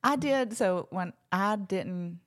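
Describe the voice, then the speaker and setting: A woman from Alabama with a Southern accent, chatting as a podcast co-host and telling stories in a lively way. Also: medium pitch, slow pace. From Alabama, USA. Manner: lively, expressive storytelling. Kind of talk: casual chat.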